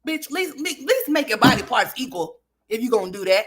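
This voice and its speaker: A woman's voice: on the high side, very animated, a little fast, a little hiss or hum. A woman hosting a gossip commentary livestream, profane and trash-talking, laughing often and talking straight to her viewers. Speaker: livestream host.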